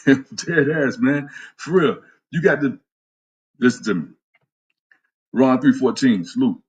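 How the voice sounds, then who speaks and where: A man's voice: medium pitch, lively intonation, slow, husky, dull audio. A man who is a fitness trainer, giving a blunt, profane talk on a live stream and greeting viewers by name. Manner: blunt, profane, trash-talking.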